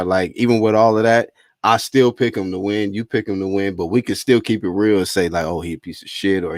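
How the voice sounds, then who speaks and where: A man's voice: lowish voice, no room sound, studio quality. A man interviewing in casual chat, laid-back and slangy, often chuckling as he talks.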